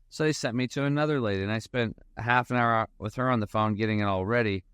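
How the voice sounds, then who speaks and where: A man's voice: medium pitch, steady tone, a little fast, hardly any pauses, a bit bright, clear, resonant tone, dry recording, studio quality. A man, a financial advisor guest, chatting casually in a rambling storytelling way and acting out bits of dialogue. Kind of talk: casual podcast conversation.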